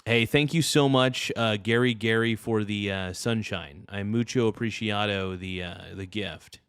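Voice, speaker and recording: A man's voice: on the low side, measured pace, fairly bright tone, clear, resonant tone, no echo. Guy streaming, rambly and jokey, crude humor, dry close sound. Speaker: livestream host. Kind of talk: casual livestream chat.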